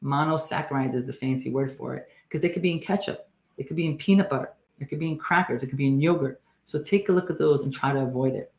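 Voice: mid-range voice, quick pace. A nurse practitioner giving a health education talk in a chatty, emphatic way, with joking asides. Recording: roomy echo.

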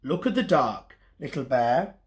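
A big, caring bear from a bedtime storybook, as a man reads him. He speaks slowly, gently and patiently, with a soothing lilt that rises and falls. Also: mid-range voice, animated, close to an everyday voice.

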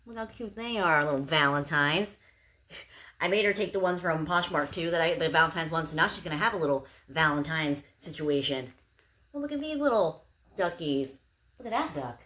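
A woman's voice: low voice, animated, moderate pace, a bit bright. A young woman chatting casually to camera as she unboxes gifts, gushing and bubbly, with lots of "like"s. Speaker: unboxing vlogger.

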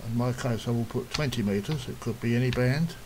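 A man calmly walking through a software task step by step, in a plain, instructive way, now and then clearing his throat. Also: mid-range voice, a little fast, a little hiss or hum, rough recording. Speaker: software tutorial presenter. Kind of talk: step-by-step screen tutorial.

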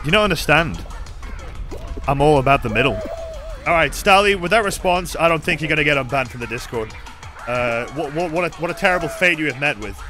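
A British man giving casual live commentary while streaming a game, swearing freely and yelling at the other players. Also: a little high, normal speed, pauses often, soft background music. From Britain. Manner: profane, excitable, yells at other players.

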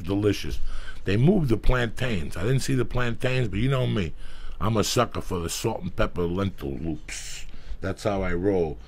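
A man hosting his podcast, reading sponsor ads in a loud, emphatic, profane, rambling way. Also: on the low side, vocal fry. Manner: loud, emphatic, swears freely. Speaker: podcast host.

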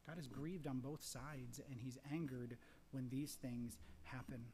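A middle-aged man preaching a sermon as pastor, impassioned, repeating phrases, swinging from loud emphasis to hushed whispers. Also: medium pitch, steady tone, a little slow, a little hiss or hum. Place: large church sanctuary. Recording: long church reverb.

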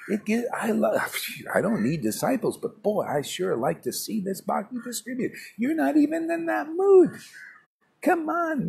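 Brash scolding man, lively gravelly voice. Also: sits high. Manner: brash, scolding, colloquial, keeps saying "man". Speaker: spiritual teacher. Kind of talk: informal morning class talk. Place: public place.

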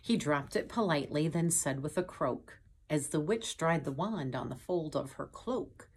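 A woman reading a picture book aloud to children, pausing to point at pictures and ask them questions in a gentle way. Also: low-pitched, expressive, breathy edge. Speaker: storytime reader. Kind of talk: children's storytime read-aloud.

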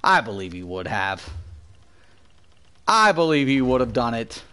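A man's voice: mid-range voice, big pitch swings, measured pace, sharp tone, smooth. A young man streaming a game live, commenting on play and ranting at his chat with heavy swearing. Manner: profane, ranting, addressing chat.

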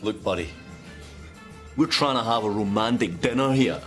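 A man playing a smooth Hollywood-style Scot. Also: lowish voice, normal speed, a bit bright, soft background music, natural voice. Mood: put-upon. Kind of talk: sketch comedy acting.

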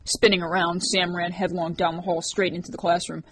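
A woman reads an audiobook aloud in a voice on the low side for a woman. She narrates at an even, steady pace and gives each character a voice of their own. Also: fairly quick, slight background noise.

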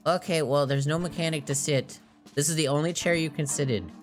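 A man's voice: a little high, fairly even intonation, brisk. A man doing casual let's play commentary, joking, swearing and talking to the game's characters while his voice is going. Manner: joking, sweary, talks to the game. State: losing his voice. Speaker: gaming YouTuber. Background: faint game music.

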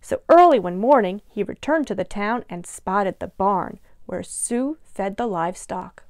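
Lady librarian doing storytime, super expressive, voice jumps all over, dry close sound. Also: medium pitch, unhurried, dry recording. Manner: expressive, animated. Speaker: children's librarian. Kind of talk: children's storytime read-aloud.

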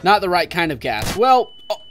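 Lively-voiced goofy woman gaming. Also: fairly low pitch, moderate pace, soft background music. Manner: joking, goofy, laughs loudly. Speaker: gaming channel host. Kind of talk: casual co-op gameplay chat.

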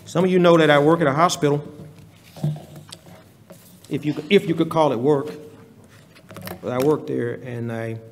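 A man preaching a sermon in a church, leading a prayer and telling stories in a slow, deliberate manner. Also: on the high side, steady tone, slight background noise. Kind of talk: sermon with hymn singing and prayer. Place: church sanctuary. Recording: reverberant church hall.

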